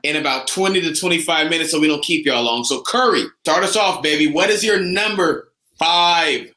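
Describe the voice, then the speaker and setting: A young man from the United States, co-hosting a casual fan chat with eager, animated talk. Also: fairly high pitch, moderate pace, roomy sound, rough recording. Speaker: co-host.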